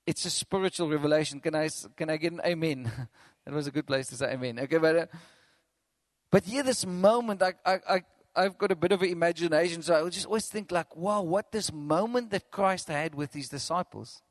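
A man preaching a sermon as pastor, animated, acting out quotes and chuckling between points. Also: a little high, a little fast, dry recording.

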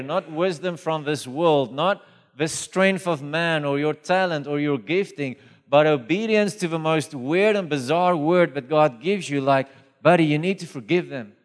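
A man preaching a sermon, telling stories lively and acting out the voices in them. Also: a little high. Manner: animated storytelling, acts out dialogue. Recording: long reverb of a hall.

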